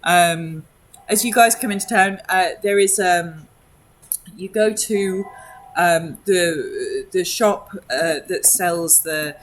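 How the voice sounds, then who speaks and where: A woman game master narrates a tabletop game slowly, with a lowish voice. She describes scenes haltingly, full of pauses and restarts. Her delivery is unhurried and thoughtful. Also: a little hiss or hum. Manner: hesitant, many ums and restarts, descriptive.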